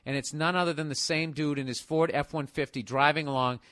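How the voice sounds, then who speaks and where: A man with a Boston accent, a podcast host ranting in comedic, profane bursts, now and then laughing loudly. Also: on the high side, steady tone, a little fast, dry recording, clean studio sound.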